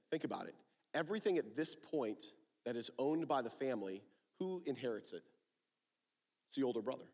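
Animated male preacher. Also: medium pitch. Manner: emphatic, rhetorical questions to the crowd. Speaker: youth conference speaker. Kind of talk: sermon.

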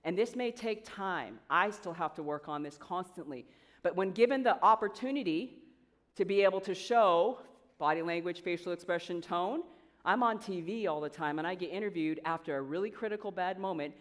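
Energetic woman coach in a reverberant hall. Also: on the low side, normal speed. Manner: energetic, conversational, quizzes the audience. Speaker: coach and guest speaker. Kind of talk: motivational speech to students. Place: large event hall with an audience.

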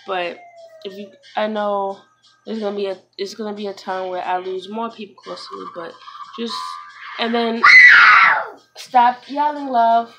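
A young woman from New York talking in a casual personal vlog, subdued and halting, with many fillers and restarts. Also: mid-range voice, little pitch movement, loud music behind the voice, poor audio. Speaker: vlogger, mother.

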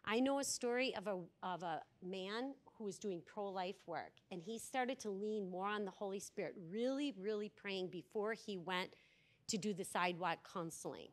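A woman's voice: mid-range voice, moderate pace. A woman giving a conference workshop talk to an audience, telling stories and acting out the quoted lines of people in them. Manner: animated storyteller, acts out quoted dialogue. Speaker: workshop speaker. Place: conference room before an audience.

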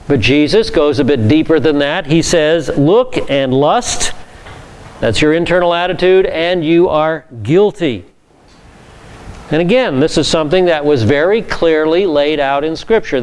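Smooth higher-voiced male Bible teacher. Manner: lively teaching with scripture readings and asides. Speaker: pastor.

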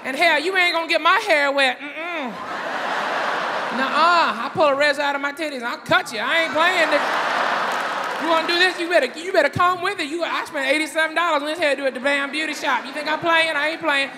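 Man playing a sassy defiant woman, scolding, emphatic, high voice, live crowd. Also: fairly quick. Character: sassy, defiant woman moviegoer, fiercely protective of her hair. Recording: live stage recording with crowd noise.

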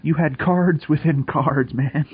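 A young man co-hosts a podcast, chatting in a laid-back, joking and profane manner. His voice is on the high side and slightly rough, and he takes things slowly. The audio has no echo but sounds dull and lo-fi.

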